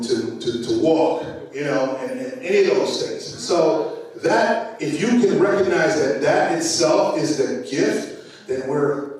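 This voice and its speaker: A man's voice: on the high side, darkish tone, far from the mic. A man with a Jamaican accent giving a conversational motivational speech at a conference, with many fillers and repeated words. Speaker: conference speaker. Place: large conference hall. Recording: very echoey hall, voice from afar.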